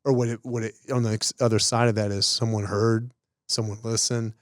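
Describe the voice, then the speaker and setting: A man's voice: lowish voice, flat delivery, a little fast, no echo, clean studio sound. A man co-hosting a podcast, speaking earnestly in casual conversation. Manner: earnest, affirming listener. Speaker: podcast co-host.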